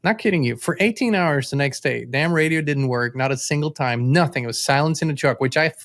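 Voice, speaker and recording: A man hosting an interview, telling a story in a relaxed chat with easy laughs. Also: on the high side, a little fast. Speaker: host. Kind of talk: casual chat.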